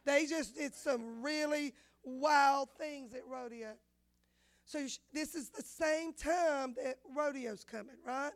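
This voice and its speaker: Woman pastor in her fifties, high bright voice, lively sermon storyteller. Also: takes it slowly. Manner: animated storyteller, acts out dialogue. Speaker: women's pastor.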